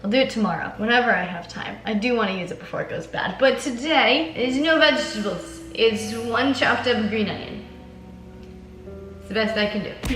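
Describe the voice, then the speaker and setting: A woman's voice: on the high side, fairly bright tone. Chatty, upbeat woman in an echoey room. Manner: chatty, upbeat, many likes and laughs. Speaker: fitness vlogger. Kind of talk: casual vlog chat. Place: home kitchen, then out and about. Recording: echoey room, faint background noise.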